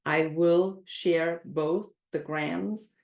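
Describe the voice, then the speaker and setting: A middle-aged woman teaching a live online baking class from her home kitchen, speaking gently and leading a calm breathing exercise. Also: fairly low pitch, extremely slow, vocal fry, roomy sound. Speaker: baking instructor.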